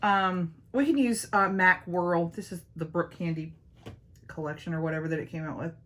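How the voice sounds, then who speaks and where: A woman's voice: fairly low pitch, steady tone, normal speed, a bit bright. Chatty woman doing makeup. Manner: playful, self-teasing, talks to viewers as y'all. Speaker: beauty vlogger.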